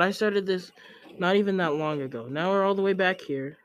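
A young man giving casual gameplay commentary, chatty and excitable, who scolds the game character in sudden yelps. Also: high voice, brisk, clean tone, no room sound. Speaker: let's play gamer.

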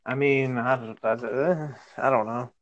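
A man's voice: mid-range voice, fairly even intonation, a little slow, muffled recording. A young man from Minnesota, co-hosting a casual podcast, giving short, hesitant replies. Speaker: podcast co-host. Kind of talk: casual chat.

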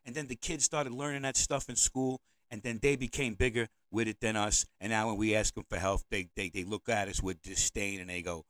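A man's voice: fairly low pitch, steady tone, fairly quick, few pauses, a bit bright, no echo, rough recording. A man, hosting a podcast as an opinionated monologue. He rambles, repeats himself and says provocative things. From United States. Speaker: podcast host. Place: indoors, seated at home.

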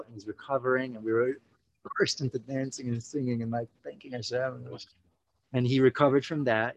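A man's voice: medium pitch, low-quality recording. A young man, telling a personal story casually many fillers, acting out quotes. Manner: animated, full of 'you know, like' fillers, acts out quotes.

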